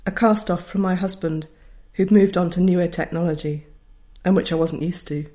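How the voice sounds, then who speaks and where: A woman's voice: lowish voice, fairly even intonation, moderate pace, mellow. Writer lady reading her memoir, wry and thoughtful, middle aged. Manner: wry, reflective storytelling. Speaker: author. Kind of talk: reading a personal memoir aloud.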